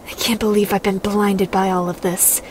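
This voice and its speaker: A woman's voice: medium pitch, flat delivery, normal speed, darkish tone, a little hiss or hum, natural voice. A woman reading fan-dub lines earnestly, stopping to mock her own slips. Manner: earnest reading, breaking into self-mocking asides. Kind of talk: fan-dub blooper outtakes.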